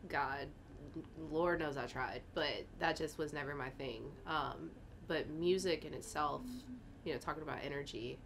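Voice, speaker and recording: A woman's voice: low voice, moderate pace, gravelly, background noise. A young woman speaking candidly as an interview guest, rambling with fillers and getting emotional, at times tearing up. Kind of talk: casual interview talk.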